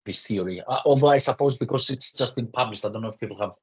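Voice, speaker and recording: A man's voice: mid-range voice, fast, fairly bright tone, breathy edge. A man moderating a session, politely reading out audience questions with many hesitations.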